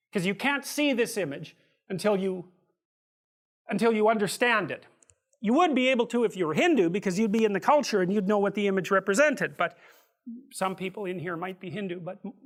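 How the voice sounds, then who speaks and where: A man lecturing to a room of students, telling a story with vivid asides and often restarting his phrases. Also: sits high. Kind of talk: university lecture.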